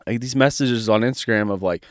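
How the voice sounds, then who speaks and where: A man's voice: medium pitch, quick pace, no room sound, studio quality. A man co-hosting a podcast in casual chat, talking emphatically and with plenty of profanity as he gets fired up. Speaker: podcast co-host.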